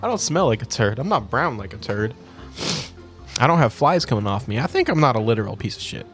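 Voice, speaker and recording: A young man co-hosting a casual podcast chat, teasing his friend with profane, quick comebacks. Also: mid-range voice, big pitch swings, soft background music. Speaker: podcast co-host.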